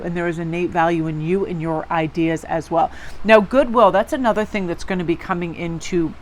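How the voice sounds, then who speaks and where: Low-voiced Northeastern American woman. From Connecticut, USA. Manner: chatty and encouraging, with rambling asides. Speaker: tarot reader. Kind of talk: casual spoken tarot reading to viewers.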